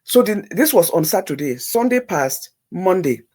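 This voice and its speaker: A woman's voice: lowish voice, very animated, normal speed, darkish tone, a little hiss or hum. A woman telling a personal story on a talk show, emphatic and repeating words for effect.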